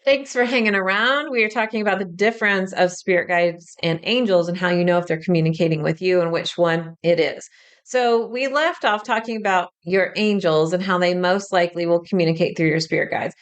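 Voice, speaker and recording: A woman hosting a spiritual podcast speaks in an easygoing teaching style. Her voice is smooth and resonant. She is chatty and candid, dropping the odd swear word. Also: lowish voice, fairly quick, faint music behind. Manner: chatty and frank, drops casual swearing. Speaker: spiritual medium and podcast host.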